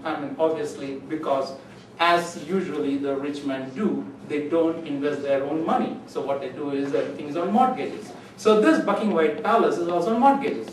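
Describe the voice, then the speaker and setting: A man telling a humorous story in a club speech, acting out other people's voices with sudden high, loud lines. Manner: storytelling, acts out voices with rising pitch. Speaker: club speaker. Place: meeting room. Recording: echoey room from far off, faint noise.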